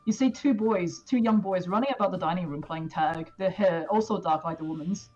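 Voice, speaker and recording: A woman narrating as game master of a tabletop game, casual and halting, with many fillers. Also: on the low side, a little mellow, lo-fi sound, faint music behind.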